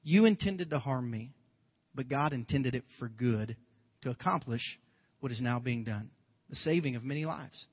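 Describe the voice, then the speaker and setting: A male pastor giving a conversational, animated sermon, retelling a Bible story with playful asides. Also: mid-range voice, normal speed, breathy edge, in a large hall, lo-fi sound.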